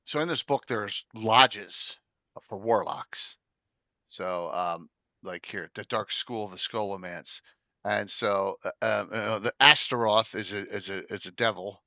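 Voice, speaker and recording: A man's voice: lowish voice, measured pace, pushed and bright, dry recording, highs cut off. A middle-aged man hosting a casual tabletop gaming chat, rambling with many fillers and restarts. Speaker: podcast host.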